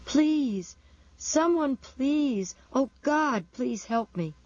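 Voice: sits high, animated, drawn-out words, a little mellow, no echo, voice pushed up, heavily acted. A narrator putting on a terrified, pleading injured man. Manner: pleading, shuddering with pain and fear. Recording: dull lo-fi recording.

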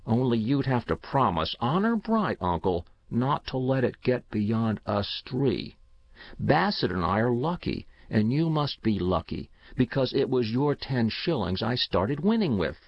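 A man reading an audiobook, voicing an earnest, secretive young boy who speaks gravely and confidingly. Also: medium pitch, sing-song, a little slow, dry recording. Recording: dull dry lo-fi recording.

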